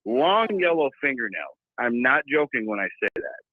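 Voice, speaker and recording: A man telling a wild story in a casual, profane, animated way over a remote call. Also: mid-range voice, normal speed, no echo. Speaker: guest. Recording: tinny phone-like line, dry.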